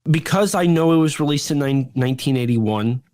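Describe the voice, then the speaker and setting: A man's voice: on the high side, a little fast, darkish tone, dry recording. A man co-hosting a podcast, giving a rambling, jokey plot recap in casual chat. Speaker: podcast co-host.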